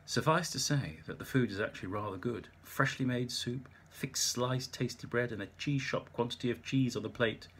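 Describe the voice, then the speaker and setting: A man's voice: mid-range voice, normal speed, hardly any pauses, fairly bright tone, slightly rough. A man narrating an audiobook in the first person, with wry, dry humour.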